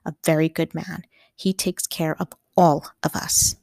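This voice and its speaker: Woman voicing a hushed, guarded housemaid. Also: deep voice, little pitch movement, unhurried, creaky, dry recording, studio quality. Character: reserved, cautious adult female housemaid.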